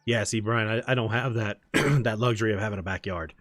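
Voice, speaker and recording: A man's voice: on the low side, fairly quick, fairly bright tone, dry recording. A man streaming a game from home, chatting in a rambling, storytelling way. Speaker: gaming streamer. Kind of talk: casual chat while gaming.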